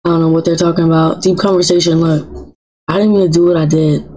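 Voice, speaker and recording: A woman's voice: low voice, steady tone, fast, mellow, poor audio. Playful woman streaming a life-sim game. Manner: chatty and teasing, talks back to game characters in slang. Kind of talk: playful live gameplay commentary.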